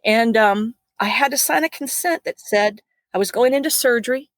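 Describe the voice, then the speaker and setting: A woman's voice: a little high, moderate pace, no room sound. A middle-aged woman, a flight nurse, earnestly recounting a personal ordeal in an interview, with laughs and restarts.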